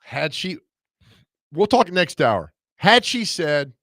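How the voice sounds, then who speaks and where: A man co-hosting a sports radio show, excitable and firing off questions in casual chat. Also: fairly high pitch, no echo, clean studio sound. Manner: excitable, quick questions, laughs loudly.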